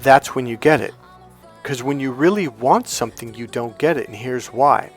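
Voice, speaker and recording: At a medium pitch and moderate pace, the middle-aged life coach spins a personal tale in a casual, talkative monologue, with faint music in the background. He plays out the conversations with lively shifts and curses casually.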